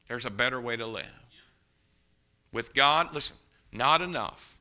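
An older man delivers a sermon as a pastor, with a very bright, sharp tone. He tells plain, folksy stories and then builds to forceful, emphatic preaching. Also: medium pitch, lively intonation, unhurried, long pauses. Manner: folksy storytelling, rising to loud emphatic preaching.

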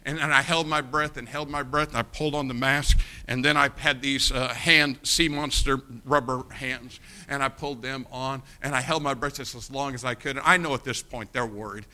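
Bright-voiced man preaching a story. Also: mid-range voice, moderate pace. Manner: animated anecdotal storytelling, addresses congregation directly. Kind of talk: sermon storytelling.

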